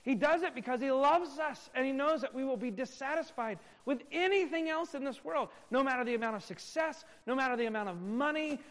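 High-voiced man preaching in a reverberant hall. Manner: emphatic preaching, swinging from loud stresses to hushed asides. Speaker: pastor. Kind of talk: sermon.

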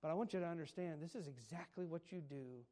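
A male pastor preaching a sermon, telling stories and building to slow, emphatic points. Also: on the high side, dark tone. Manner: preaches with swelling emphasis, slowing on key phrases.

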